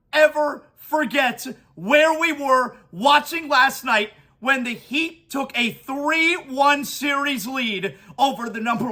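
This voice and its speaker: A sports podcast host delivers an emotional, excited monologue full of stammered restarts. His voice is very high-pitched.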